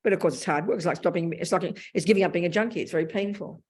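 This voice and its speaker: A woman's voice: on the low side, rapid-fire. Blunt Australian woman teaching. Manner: blunt, animated, colloquial. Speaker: Buddhist teacher. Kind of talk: Dharma talk.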